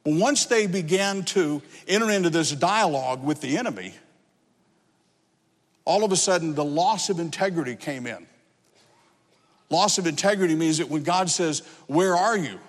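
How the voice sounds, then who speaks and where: A man's voice: fairly high pitch, normal speed, long pauses, long reverb tail. A male pastor preaching a sermon, earnest and emphatic, with repeated phrases.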